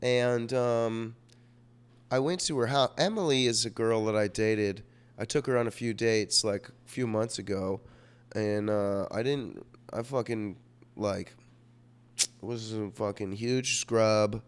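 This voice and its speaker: Young guy rambling thru a story for his vlog, swears a lot, smooth lowish voice, kinda sick. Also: slow. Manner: rambling and profane, with lots of fillers and self-mocking asides. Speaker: vlogger.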